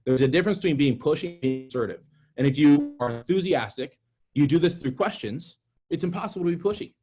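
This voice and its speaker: A young man giving an energetic, direct sales training talk, calling his audience "guys". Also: fairly high pitch, quick pace, faint music behind.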